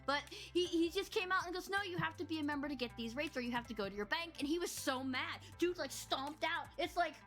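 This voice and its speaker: A woman's voice: sits high, animated, fast talker, few pauses, a bit bright, soft background music. A young woman co-hosting a podcast, telling exasperated customer service stories in a ranting, casual way. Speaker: podcast co-host. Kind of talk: casual chat.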